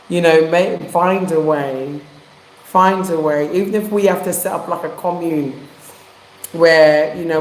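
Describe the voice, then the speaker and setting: A woman's voice: low voice, a little mellow. A woman from England telling a heartfelt personal story in casual chat, using street slang. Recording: echoey room.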